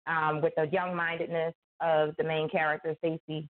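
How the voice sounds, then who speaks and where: A woman's voice: deep voice, normal speed. A woman author chatting casually, telling stories and acting out quoted lines with laughter. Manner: animated storyteller, acts out quotes, laughs often. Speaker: guest author. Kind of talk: casual chat. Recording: tinny phone-like line.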